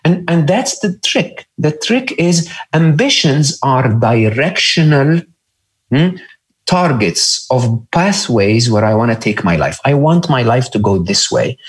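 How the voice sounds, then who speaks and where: A man with a non-native English accent, speaking as a podcast guest, earnest and emphatic, often checking in with "okay?" and rising sharply in pitch to stress points. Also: poor audio. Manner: lively swings in pitch when stressing points. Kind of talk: conversational interview.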